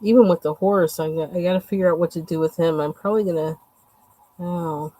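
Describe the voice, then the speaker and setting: A woman's voice: lowish voice, fairly even intonation, fast talker, mellow, dry recording, low-quality recording. A woman chatting casually and rambling with lots of fillers while she colors on a livestream. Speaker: livestream host.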